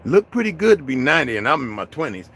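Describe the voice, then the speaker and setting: A man ranting to his viewers in an unscripted, confrontational, profane way, dropping to low mutters and rising to loud outbursts. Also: very animated, fast, husky. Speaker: vlogger addressing his viewers. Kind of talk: unscripted rant to camera.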